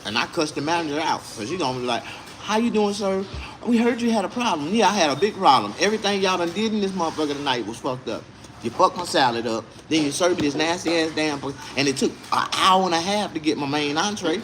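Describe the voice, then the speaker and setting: A man's voice: a little high, expressive, quick pace, noisy background. A man telling a story in a casual, indignant rant, full of swearing. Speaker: vlogger.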